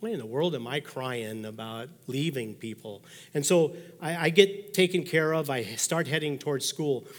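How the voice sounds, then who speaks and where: A man's voice: medium pitch, moderate pace, hardly any pauses. A man in his sixties, a pastor giving a sermon, telling personal stories in a folksy way and acting out the thoughts he quotes. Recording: long reverb of a large hall.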